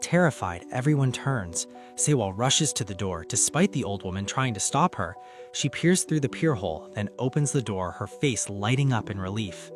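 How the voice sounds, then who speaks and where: A man's voice: fairly low pitch, normal speed. Man narrating a comic recap over faint music. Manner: steady storytelling. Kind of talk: scripted narration.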